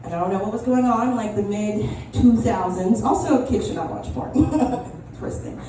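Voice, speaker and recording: A young woman speaks at a moderate pace and medium pitch during her open mic stand-up set in a small comedy club. The comedian's delivery is rambling and self-deprecating, with many ums and restarts, heard through a distant mic amid echo and room noise.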